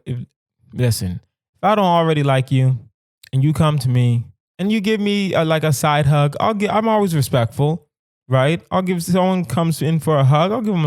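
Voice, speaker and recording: A young adult man hosting a podcast, riffing on a hypothetical in an animated, emphatic comedic monologue. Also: a little high, no echo, studio quality. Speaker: podcast host.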